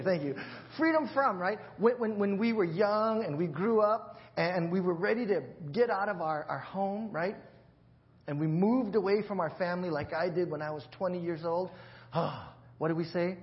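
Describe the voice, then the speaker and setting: A man's voice: high-pitched, muffled recording. A man preaching a sermon in a church, in a chatty, joking way with many restarts. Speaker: pastor.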